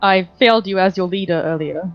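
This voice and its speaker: A woman voicing a caring female party leader who speaks gently and apologetically. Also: mid-range voice, brisk, faint music behind, close to an everyday voice. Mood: earnest. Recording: dull lo-fi sound.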